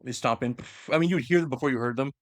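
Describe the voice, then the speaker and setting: In clean studio audio without any room sound, a lore explainer chats about a story at a very fast clip. His mid-range voice wanders through the retelling in a loose way packed with fillers.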